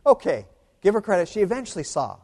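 Male preacher, animated sermon, slightly high voice, lively, long hall reverb. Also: quick pace, gravelly. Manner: animated, rising to emphatic peaks, with rhetorical "right?".

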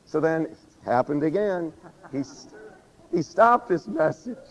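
A man preaching a sermon who acts out prayers and quotes with lively energy, laughing often and saying he is losing his voice. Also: a little high, a little slow. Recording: dull recording with long hall reverb.

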